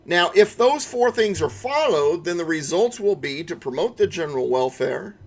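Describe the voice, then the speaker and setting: A man's voice: fairly high pitch, lively intonation, normal speed. A middle-aged man teaching an online constitution class, stressing key words and asking rhetorical questions. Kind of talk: online lesson lecture.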